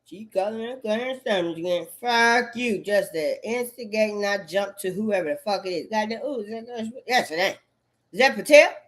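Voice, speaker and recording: A woman's voice: medium pitch, moderate pace, few pauses. A woman in a rambling, profane monologue, full of cursing and repetitive outbursts.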